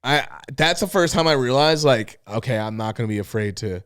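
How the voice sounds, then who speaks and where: A man's voice: medium pitch, animated, fairly quick, a bit bright, clean tone. Candid, profane young man telling stories. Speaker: podcast co-host. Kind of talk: casual chat.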